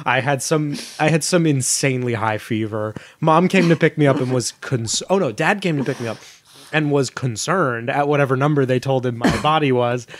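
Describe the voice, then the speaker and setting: Young male podcast co-host, casual storyteller, mid-range voice, very dry close sound, lively impressions. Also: mid-range voice, no echo. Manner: animated, acts out quoted voices, laughs often.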